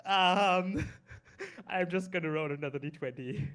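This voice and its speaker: A man's voice: high voice, a little slow, fairly bright tone. A man with a non-native English accent playing a tabletop game, playful and giggly, grumbling in character. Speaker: player. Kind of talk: tabletop role-play.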